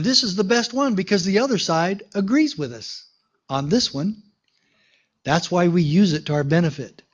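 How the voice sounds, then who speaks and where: A man's voice: high voice, moderate pace, slightly rough. A man, a sheriff, giving an emphatic political rally speech to a crowd at an outdoor park gathering, telling a story and calling out questions to the audience.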